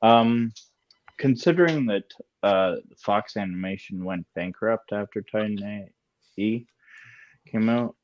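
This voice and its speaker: A man on a movie panel, speaking in a measured, hesitant way. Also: fairly low pitch, darkish tone, highs cut off, a little hiss or hum. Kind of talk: casual group chat.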